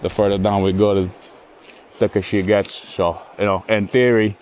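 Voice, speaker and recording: Man, very low voice, cursing fishing vlogger, outdoors with faint background noise. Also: level tone, moderate pace, a little mellow. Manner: grumbling, frustrated, profane muttering to himself. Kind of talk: casual solo commentary. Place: outdoors by cold water.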